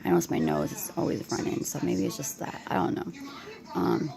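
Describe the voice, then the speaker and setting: A woman's voice: rumbling low, big pitch swings, gravelly, crowd noise, poor audio. Tired, stammering woman vlogging at night. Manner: halting, stammering, many fillers and restarts. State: tired and anxious. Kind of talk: rambling late-night vlog to camera.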